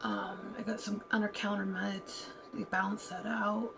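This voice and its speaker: A woman's voice: medium pitch, level tone, unhurried, vocal fry, background noise. A woman talking candidly and heatedly in a casual vlog, now and then acting out other people's lines. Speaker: vlogger. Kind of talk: casual venting monologue.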